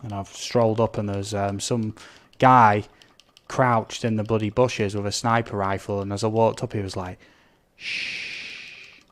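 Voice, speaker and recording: A man's voice: fairly low pitch, little pitch movement, moderate pace. A man chatting casually as he streams a game, reading out viewer comments and blurting out little sound effects. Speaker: gaming live streamer.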